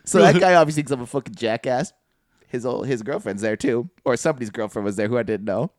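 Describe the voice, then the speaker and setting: A man's voice: medium pitch, lively intonation, fast talker, darkish tone, dry recording, studio quality. A young adult man, co-hosting a podcast, telling rambling profane stories and laughing at his own jokes. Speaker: podcast co-host. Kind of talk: casual chat, storytelling.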